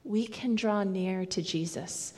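A woman preaching a sermon in a slow, measured, reflective way. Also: mid-range voice, a little mellow. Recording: long hall reverb.

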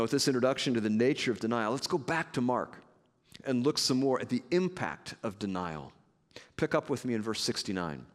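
Male pastor, earnest sermon delivery, mid-pitched voice, long hall echo. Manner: earnest, measured preaching with conversational asides.

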